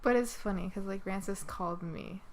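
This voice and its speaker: A woman's voice: mid-range voice, a little fast. A woman hosting a podcast in casual chat, telling long, rambling stories full of swearing and acted-out quotes. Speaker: podcast host.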